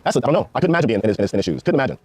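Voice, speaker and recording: A man's voice: medium pitch, sing-song, a little mellow, no room sound. A man, a former Ranger telling war stories in a casual, profane interview. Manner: rapid, profane, laid-back war storytelling. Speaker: guest, former Army Ranger.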